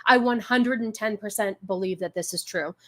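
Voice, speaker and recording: A woman's voice: mid-range voice, normal speed. Hesitant woman co-host with a mid-range voice. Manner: hesitant, many ums and restarts. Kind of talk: casual chat.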